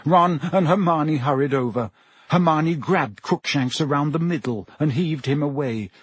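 Male storyteller for an audiobook, slightly high, husky voice, dry booth sound. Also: normal speed, no room sound. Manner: steady storytelling with character voices. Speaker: audiobook narrator. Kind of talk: scripted narration.

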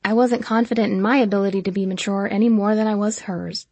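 A woman narrating a first-person novel as an audiobook in a steady, even storytelling manner. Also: medium pitch, quick pace, husky, dry recording.

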